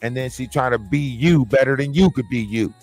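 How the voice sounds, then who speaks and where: A man's voice: mid-range voice, fairly quick, darkish tone, soft background music. A man hosting a livestream, talking casually and mockingly in slangy gossip commentary. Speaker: livestream host.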